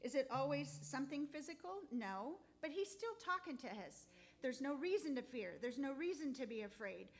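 A woman giving a heartfelt, halting testimony in church, close to tears at times. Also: high voice, expressive. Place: church sanctuary.

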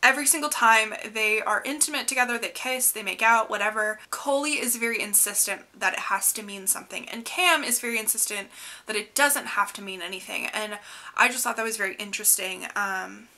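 A woman's voice: mid-range voice, fairly quick, pushed and bright. A young woman casually retelling a book's plot. She rambles and says "like" a lot, laughing now and then. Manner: chatty, rambling, heavy use of "like"; laughs often while talking. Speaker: book vlogger. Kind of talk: casual book recap.

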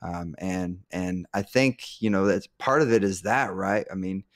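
Speaking a little slowly in a low register, this male streamer laughs easily and rambles through a casual live podcast chat, often restarting what he says. The recording is dry and studio quality.

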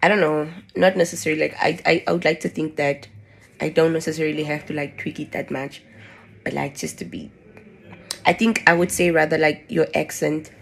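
A woman's voice: low voice, steady tone, fairly quick, creaky, slight background noise. A young woman with a Namibian English accent, chatting casually in a travel vlog, slangy and full of fillers. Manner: chatty, slangy, lots of "like" and "bruh". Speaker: travel vlogger.

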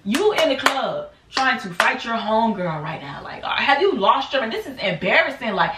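A woman in her twenties telling a casual storytime on her channel, acting out quotes in animated bursts. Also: fairly high pitch, normal speed, noisy background. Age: 20s. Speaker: vlogger. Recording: echoey room, mic at a distance.

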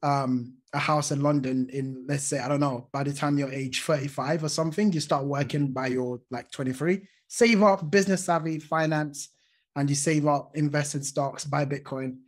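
A man from the UK hosts a podcast in a relaxed, conversational way. His voice sits slightly high for a man, and he asks questions while hedging his own points. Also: normal speed. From United Kingdom. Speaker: podcast host. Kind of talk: casual interview chat.

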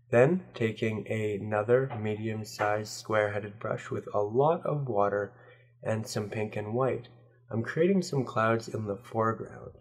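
A man with a sick, hoarse voice calmly explaining each step of a painting tutorial as he works. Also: lowish voice. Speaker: painting instructor. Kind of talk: real-time tutorial narration.

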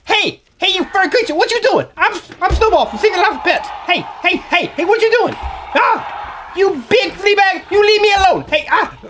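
A woman voicing a tough, boastful little male rabbit toy who shouts threats. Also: extremely high pitch, expressive, moderate pace, a little hiss or hum, voice pushed up. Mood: feisty bragging.

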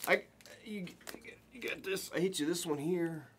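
A man hosting a live card break, giving excited running commentary as he opens packs and chats with viewers. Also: high-pitched, moderate pace, slightly rough.

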